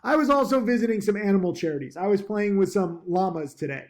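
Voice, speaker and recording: A man's voice: sits high, expressive, brisk, a little mellow. A man who teaches stock trading, talking casually to his laptop with lots of ums and restarts and upbeat, pushy encouragement. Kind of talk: casual talking-to-camera vlog. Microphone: laptop mic.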